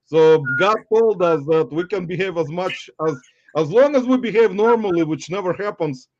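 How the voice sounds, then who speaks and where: High-voiced jokey male host, dull dry audio. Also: expressive, normal speed, no echo. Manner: jokey, loose, laughs often. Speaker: livestream host. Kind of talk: casual livestream chat.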